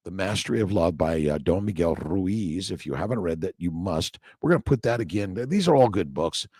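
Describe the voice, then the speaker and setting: Middle-aged male doctor hosting a livestream, low voice, loose and preachy, dry close mic. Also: expressive, fairly quick, darkish tone, slightly rough, dry recording. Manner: loose, repetitive, preachy, swears casually. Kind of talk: casual livestream chat, reading viewer comments.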